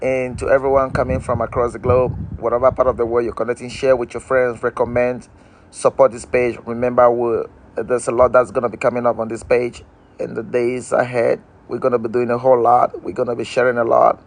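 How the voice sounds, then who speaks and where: A man's voice: mid-range voice, monotone, a little fast. A man hosting a casual live-stream outdoors, speaking in a repetitive, emphatic, inspirational way. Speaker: motivational livestream host.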